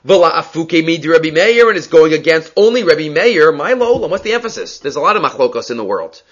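A man's voice: fairly high pitch, big pitch swings, fast talker. A man teaching a Talmud lecture, explaining step by step and mixing Hebrew and Aramaic terms into English. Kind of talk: daf yomi Talmud lecture. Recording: dull lo-fi audio.

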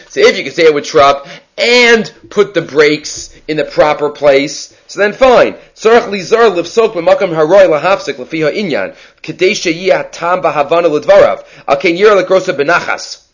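Guy teaching a talmud class, kinda high voice, talks it through fast and casual. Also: a bit bright. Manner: quick, conversational explaining, mixing Hebrew and Aramaic terms.

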